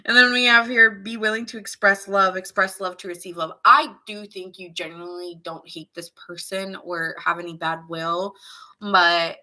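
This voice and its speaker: Bright-voiced woman chatting through a tarot reading. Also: medium pitch, fairly even intonation, moderate pace. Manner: casual, chatty, reacts to viewers' comments; laughs often, muses aloud. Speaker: tarot reader. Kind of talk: live tarot reading chat.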